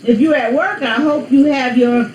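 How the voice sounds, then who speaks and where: A woman's voice: sits high, moderate pace, roomy sound, a little hiss or hum, poor audio. A woman hosting her own vlog, chatting to viewers in a playful, rambling, teasing way. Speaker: vlog host. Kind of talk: casual chat to viewers.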